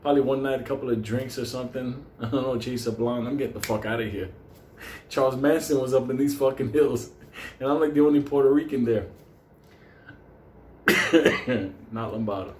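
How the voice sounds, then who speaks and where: A man's voice: medium pitch, moderate pace, pauses often, darkish tone, a little hiss or hum. A man telling a casual, profane anecdote, digressive and swearing constantly, often laughing as he talks. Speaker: storyteller. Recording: echoey room with faint ambience.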